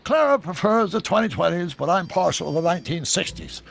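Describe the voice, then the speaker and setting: An actor playing an eccentric older male scientist in a video game, animated and full of technical talk. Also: high-pitched, a little fast, creaky. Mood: fond. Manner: animated, talks in long technical run-ons. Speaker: time-travelling inventor. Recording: video game audio with faint background music.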